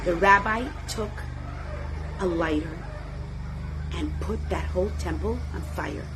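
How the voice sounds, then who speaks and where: A woman's voice: fairly low pitch, a little slow, noisy background. A woman teaching a Torah class, telling a story dramatically and expressively. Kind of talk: storytelling lesson.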